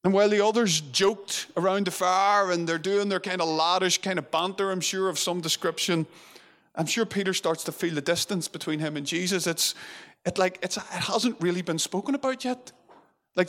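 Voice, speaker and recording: A man's voice: high voice, fairly quick, fairly bright tone. A man preaching a sermon in a conversational way, full of fillers and restarts. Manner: conversational, with many fillers and restarts, acting out quotes.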